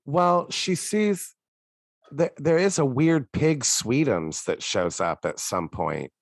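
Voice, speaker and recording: A man co-hosting a podcast in casual chat, telling stories in a relaxed way and swearing now and then. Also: mid-range voice, measured pace, dry recording, clean studio sound. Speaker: podcast co-host.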